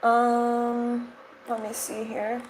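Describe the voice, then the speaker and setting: A woman's voice: on the high side, monotone, drawn-out words, a little mellow, a little hiss or hum, low-quality recording. Sarcastic young woman doing commentary. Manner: sarcastic, rambling with fillers. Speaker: commentary channel host. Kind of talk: casual reaction commentary.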